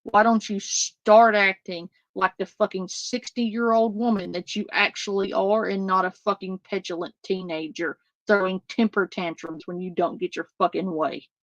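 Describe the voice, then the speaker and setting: A woman's voice: medium pitch, fairly even intonation, normal speed, hardly any pauses, dry recording, dull audio. A woman, ranting profanely and with exasperation as she reacts live on her stream.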